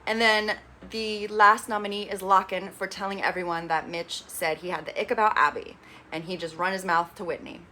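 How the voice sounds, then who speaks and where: A woman chatting casually through a reality TV recap, retelling the drama and quoting the cast in quick asides. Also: mid-range voice, steady tone, pushed and bright, a little hiss or hum.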